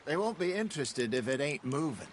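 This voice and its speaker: An actor playing a wry, seasoned outlaw who spins folksy, unhurried fishing yarns in a video game. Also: male voice, mid-range voice, sing-song, a little hiss or hum, natural voice. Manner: folksy, unhurried yarn-spinning.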